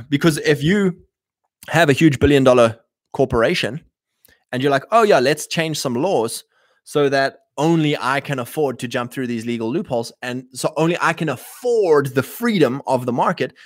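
A man in a casual rambling monologue, clearing his throat often and acting out quoted voices. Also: medium pitch, dry recording, clean studio sound. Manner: frequent throat clearing and restarts.

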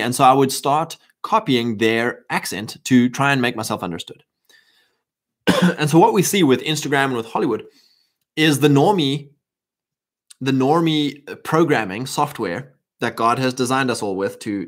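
A man's voice: mid-range voice, a bit bright. South african guy ranting to his stream, kinda preachy, stops and restarts a lot, bit of a cough left over. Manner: fervent, rambling, many restarts. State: lingering cough. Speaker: livestream host. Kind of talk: casual preachy monologue.

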